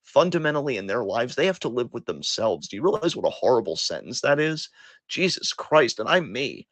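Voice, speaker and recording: A man's voice: mid-range voice, sing-song, fairly quick, a bit bright, dry recording. A man co-hosting a podcast, delivering a heated, profanity-laced monologue that turns self-deprecating at times. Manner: impassioned, profane ranting. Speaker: podcast co-host.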